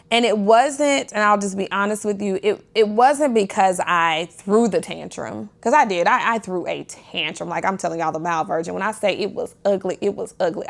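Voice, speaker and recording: Woman, earnest confessional storytelling, gravelly edge. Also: mid-range voice. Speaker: podcast host. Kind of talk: candid faith talk.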